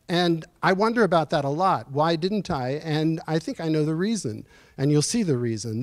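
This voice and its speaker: A man in his sixties giving a personal storytelling lecture in a university auditorium, earnest and reflective, pausing as he speaks. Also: a little high, darkish tone, no echo. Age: 60s. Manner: earnest, reflective, halting with pauses. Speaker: guest speaker at a lecture series.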